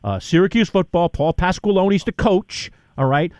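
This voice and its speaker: A man's voice: high-pitched, normal speed, clear, resonant tone, no echo. A male radio host telling stories in casual chat, acting out both sides of old on-air exchanges. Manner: animated, acts out both sides of past exchanges in voices.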